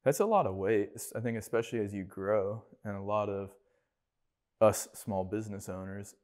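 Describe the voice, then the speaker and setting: A man with a low voice tells stories about his small business. He talks casually and animatedly, often slipping into the voices of people he met. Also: normal speed. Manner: animated anecdotes, acting out other people's lines. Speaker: guest, business owner. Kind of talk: casual storytelling interview.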